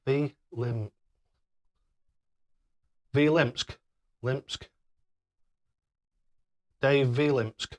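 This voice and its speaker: A man's voice: medium pitch, fairly even intonation, drawn-out words, pauses often, darkish tone. An older man chatting casually on a live stream, reading out viewer messages and throwing darts, laughing often and fumbling over tricky names. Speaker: darts livestreamer reading chat.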